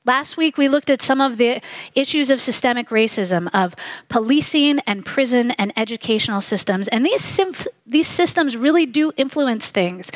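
A middle-aged woman preaching a sermon, earnest and measured, slowing down to stress key phrases. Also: a little high, dry recording. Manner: earnest, measured, slows for emphasis.

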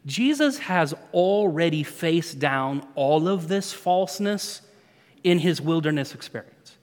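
Animated preacher man in a reverberant hall. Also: a little high, measured pace. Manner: animated storytelling, swings from hushed to emphatic. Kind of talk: sermon.

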